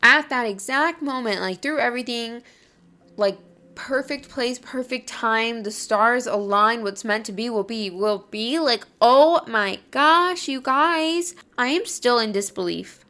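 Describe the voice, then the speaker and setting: A young woman hosting a podcast, telling a personal story in a gushing, excitable way with lots of "like". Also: on the high side, unhurried. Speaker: podcast host. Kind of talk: casual storytelling.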